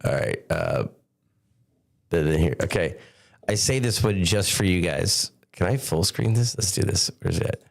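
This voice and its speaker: A man with a somewhat low voice co-hosts a casual live-streamed talk show. He rambles loosely and talks himself through what he is doing on screen, with lots of small restarts. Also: animated, moderate pace, gravelly. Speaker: podcast co-host.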